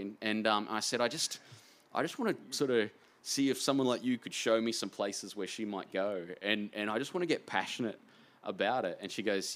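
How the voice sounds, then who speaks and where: An Australian man, an author guest in a casual interview, talking in an excitable, rambling, self-deprecating way. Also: lowish voice, brisk.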